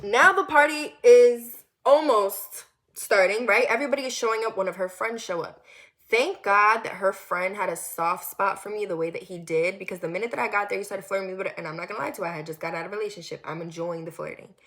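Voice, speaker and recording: A young woman from the US Northeast telling a personal story in a casual, animated way, acting out quotes and dropping to low murmurs. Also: quick pace. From Connecticut. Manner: animated and candid, acts out quoted lines, drops to low murmurs.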